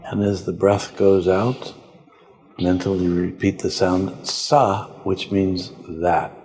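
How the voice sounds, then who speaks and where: A man, a spiritual teacher on a podcast, calmly and slowly guiding a breath meditation. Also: low-pitched, husky. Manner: calm, slow, gentle guiding. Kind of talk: guided meditation instruction.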